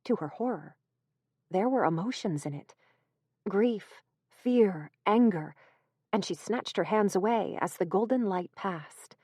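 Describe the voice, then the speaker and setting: A woman reading a horror audiobook in a measured, even storytelling manner, close to the mic. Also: medium pitch, no room sound. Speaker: audiobook narrator. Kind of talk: scripted narration.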